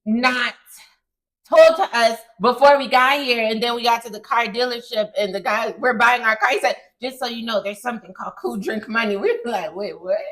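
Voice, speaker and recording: A woman's voice: fairly high pitch, brisk, rough recording. An American woman telling stories in a casual conversation, often acting out what others said. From United States. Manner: animated storytelling, often quoting others. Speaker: guest.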